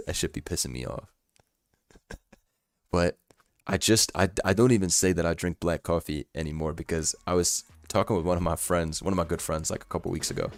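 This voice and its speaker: A man's voice: deep voice, no echo. A young man streaming casually, talking in loose slang and laughing often. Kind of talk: casual live-stream chat.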